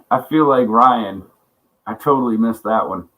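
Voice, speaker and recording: A man's voice: mid-range voice, a bit bright, poor audio. A man hosting a casual livestream chat, rambling and swearing a lot, often laughing as he greets viewers by name. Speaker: livestream host.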